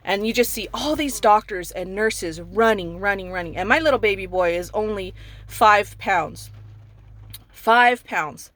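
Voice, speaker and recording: A mother from California in her thirties tells her son's story as an emotional personal testimony, retelling dialogue along the way. Her voice is medium-pitched and a bit bright, at a moderate pace.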